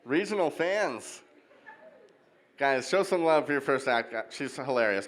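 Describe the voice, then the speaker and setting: Male emcee, mid voice, loose and halting crowd hype, introducing comics on a handheld mic. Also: mid-range voice, expressive, a bit bright, slight background noise, low-quality recording. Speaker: comedy show host. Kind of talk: introducing acts. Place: wedding reception hall.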